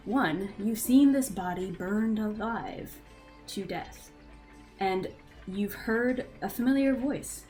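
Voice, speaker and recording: A woman's voice: medium pitch, slow, darkish tone, soft background music. A woman narrating a tabletop role-playing game as game master, in a chatty manner with frequent fillers. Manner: chatty, with many fillers and restarts.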